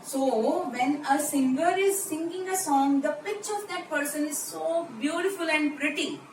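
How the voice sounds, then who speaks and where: Woman, Indian English accent, lecture, high voice, echoey room, distant mic, noisy background. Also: a little slow. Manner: explanatory, repeats key terms. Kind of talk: lecture video.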